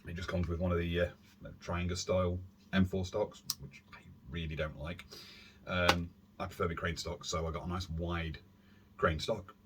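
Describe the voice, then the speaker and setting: A man hosting a casual airsoft gear vlog from his warm room at home, rambling along with self-deprecating asides and filler words. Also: sits low, little pitch movement, moderate pace, noisy background. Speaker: airsoft YouTube channel host. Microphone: camera on a stand.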